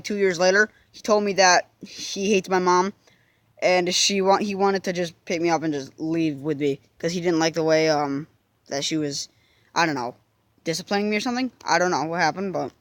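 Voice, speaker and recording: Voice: mid-range voice, fairly bright tone. A young person casually telling a personal story to the camera, rambling through restarts and fillers and swearing now and then.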